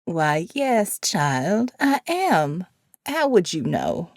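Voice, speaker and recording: A woman voicing a kindly, fussy old church sister who speaks in a motherly way, lower than her narration. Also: sing-song, very slow, dry recording, clean studio sound, full character voice. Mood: fond.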